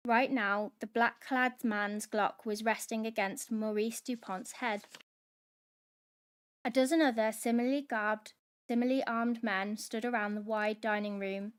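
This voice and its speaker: A woman hosting a book club, reading a novel aloud in steady dramatic narration. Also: a little high, unhurried, clean tone.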